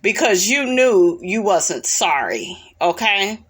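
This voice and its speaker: A woman's voice: mid-range voice, sing-song, slow pace, husky. Sassy, blunt woman recapping reality TV. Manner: blunt, sassy, profane, talks back to the people she recaps. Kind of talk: casual recap commentary.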